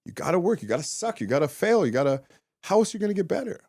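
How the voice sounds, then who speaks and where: A man in his thirties talks quickly, his pitch leaping up and down as he tells stories. He acts out what people said to him and swears casually. The sound is dry and close. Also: slightly rough, no echo. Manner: animated storytelling, acts out quotes, swears often. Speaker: guest, former fighter turned comedian. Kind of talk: casual interview chat.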